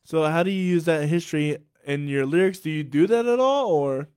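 A man's voice: fairly high pitch, fairly quick, darkish tone, clean tone. A man hosting a casual interview podcast, asking curious, encouraging questions. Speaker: podcast host.

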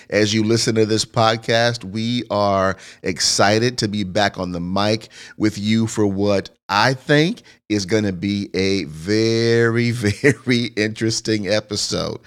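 A man's voice: on the low side, slow pace, hardly any pauses, smooth. A middle-aged man hosting a podcast in casual chat, upbeat and laughing often. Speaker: podcast host.

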